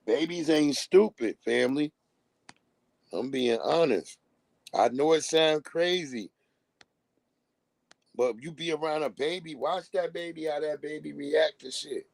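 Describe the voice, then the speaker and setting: A man's voice: a little high, a little slow, creaky, pauses often, darkish tone, no echo, low-quality recording. A man on a live stream, ranting bluntly in casual talk and acting out the voices of people he quotes. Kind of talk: casual profane rant.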